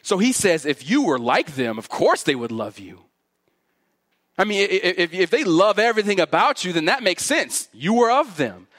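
A man preaching a sermon in a fairly high voice that swings widely in pitch. He stacks repeated phrases into building runs, then sinks low and hushed on his warnings. The delivery is earnest throughout. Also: big pitch swings, moderate pace. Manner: drops low and quiet on key warnings. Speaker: pastor. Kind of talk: expository sermon.

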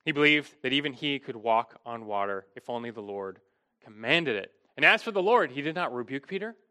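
A man's voice: mid-range voice, expressive, fairly quick, bright, forceful tone. A middle-aged man preaching an expository sermon, earnest and emphatic, often restarting his phrases.

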